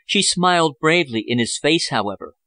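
A man narrating a novel chapter as an audiobook, in a measured, even storytelling manner. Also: fairly high pitch, no room sound. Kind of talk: scripted narration.

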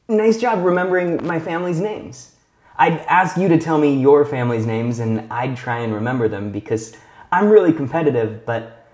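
A man teaching English possessives in a video lesson, speaking slowly and clearly and often checking in with the viewer. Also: mid-range voice, darkish tone, reverberant. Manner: slow, clear teacher talk with frequent check-in questions.

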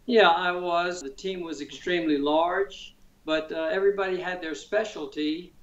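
An older man from Mississippi, a guest chef, talking casually and relaxed with many fillers. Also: sits high, moderate pace, lo-fi sound. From Mississippi, United States. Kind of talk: casual interview and cooking demo.

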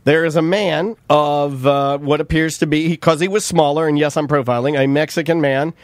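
A man co-hosting a casual podcast chat, telling stories in an animated, profane, mocking way. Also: fairly high pitch, normal speed, no room sound, clean studio sound. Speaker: podcast co-host. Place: studio room.

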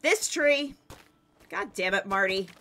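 A woman streaming a game live, commenting excitedly to her chat and teammates. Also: medium pitch, slow pace.

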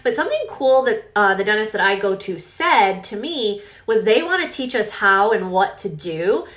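A young woman vlogging in a casual, animated storytelling way, often acting out what people said. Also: medium pitch, moderate pace. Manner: chatty, animated, with quoted reenactments.

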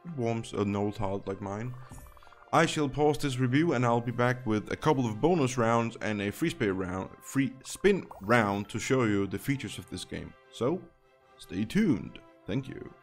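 A man's voice: medium pitch, expressive, a little slow, faint music behind. A man giving casual, chatty commentary while playing a slot game, thinking aloud and dropping wry asides.

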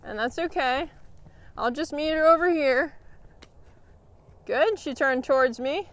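A woman horse trainer explaining a training session in a calm, encouraging way, often praising her horse. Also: high voice, a little slow.

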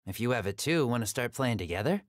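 A woman's voice: very deep voice, animated, quick pace, no echo, clean studio sound. A woman voicing a laid-back, sardonic teenage boy ninja in a game cutscene, blunt and unbothered. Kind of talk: video game cutscene dub.

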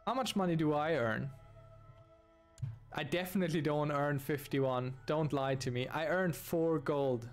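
A man's voice: a little high, unhurried, soft background music. A man commentating his own strategy game play, thinking aloud and groaning at bad turns. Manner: dismayed, groaning and sighing at setbacks; talks to himself while playing. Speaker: gaming channel host.

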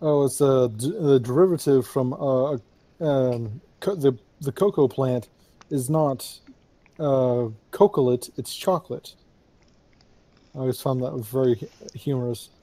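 Mellow-voiced man riffing over a game. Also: mid-range voice, a little slow, dry recording. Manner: rambling, joking, fillers and restarts. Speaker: let's play co-host. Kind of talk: casual gameplay chat.

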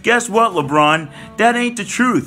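A man's voice: high voice, lively intonation, unhurried, bright, forceful tone, soft background music. A man delivering an angry, profane rant to camera as a political commentator, heated and stumbling over repeated words.

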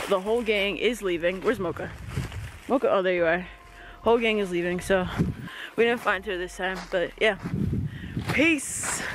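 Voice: medium pitch, background noise. A vlogger walking through woods with a handheld camera, exclaiming and calling to pets. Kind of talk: casual outdoor walking vlog. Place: outdoors in woods.

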